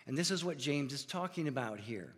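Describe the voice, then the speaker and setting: A man preaching a sermon as pastor in a church, earnest and deliberate, asking his congregation rhetorical questions. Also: mid-range voice, lively intonation, breathy edge, big-room sound.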